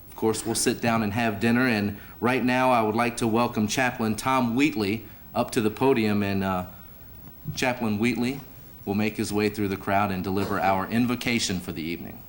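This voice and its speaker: A man with a lowish voice hosts a banquet from a podium microphone. He talks in a folksy, easygoing way, full of little fillers and restarts. Faint hiss sits under the recording. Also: steady tone, moderate pace. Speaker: master of ceremonies, sports director. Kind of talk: ceremony hosting with a told joke. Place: banquet hall.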